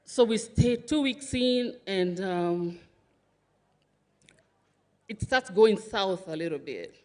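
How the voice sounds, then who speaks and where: Speaking slowly in an expressive, slightly mellow voice of medium pitch, a sister-in-law of the deceased delivers a tribute at a funeral service. Facing the congregation, she moves between laughter and tears while remembering her late brother-in-law.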